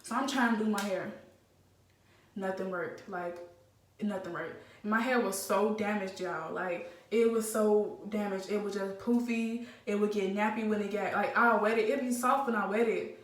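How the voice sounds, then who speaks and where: A young woman telling a casual storytime vlog, animated and slangy with lots of fillers. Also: mid-range voice, normal speed. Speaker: vlogger. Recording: roomy, slightly distant phone mic.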